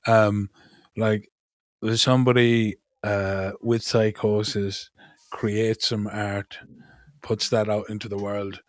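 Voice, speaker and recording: Male podcast host, low voice, dry close sound, halting question style. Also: flat delivery, no echo. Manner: hesitant, repeats words when starting.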